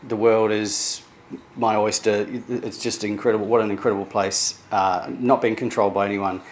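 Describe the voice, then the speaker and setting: A middle-aged man from New Zealand talking candidly in a personal vlog, halting and emotional, with many restarts. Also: fairly low pitch, little pitch movement, slight background noise. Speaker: vlogger sharing therapy progress.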